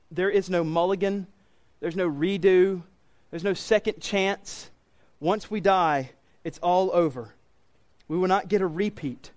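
Brief: male pastor preaching in church, emphatic and earnest, driving points home by repetition. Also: sits high. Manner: earnest, emphatic, repeats key phrases. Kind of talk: sermon.

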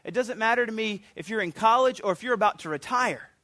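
High-voiced earnest preacher man. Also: fast talker, no room sound, clean studio sound. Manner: animated, earnest, with many restarts. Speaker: pastor. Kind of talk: sermon.

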